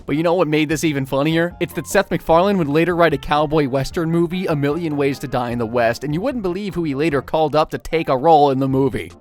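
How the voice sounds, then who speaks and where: A man's voice: on the high side, fast talker, hardly any pauses, a little mellow. A man narrating a comedy video in a sarcastic, playful way. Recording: music under the voice.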